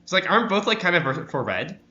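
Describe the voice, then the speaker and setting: A man's voice: high voice, sing-song, quick pace, pushed and bright, muffled recording. A man streaming a card game, chatting casually, rambling and correcting himself with dry sarcasm. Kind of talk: casual gameplay chat.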